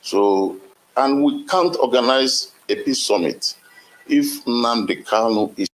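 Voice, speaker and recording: A man answering in a broadcast interview, measured and hesitant. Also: mid-range voice, low-quality recording. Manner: measured, hesitant, with fillers and restarts. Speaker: interviewed spokesman.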